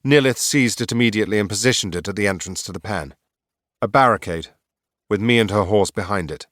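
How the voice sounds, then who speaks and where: Deep-voiced wry male audiobook narrator. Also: fairly quick, fairly bright tone, dry recording, clean studio sound. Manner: wry, sardonic first-person ghost narrator. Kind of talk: scripted narration.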